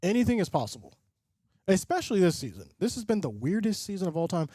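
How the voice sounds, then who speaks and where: A man doing live play-by-play commentary and reaction as a streamer host, excitable and often breaking into loud hype. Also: high voice, fast, no room sound, studio quality. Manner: excitable, swings into loud bursts of call-style hype. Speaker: livestream host and sports fan.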